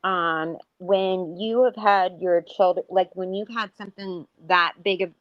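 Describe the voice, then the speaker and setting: A woman's voice: on the low side, steady tone, a little slow, no room sound. A woman in her forties chatting casually as a podcast co-host, rambling with lots of fillers and restarts. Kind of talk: casual chat. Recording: dull lo-fi audio.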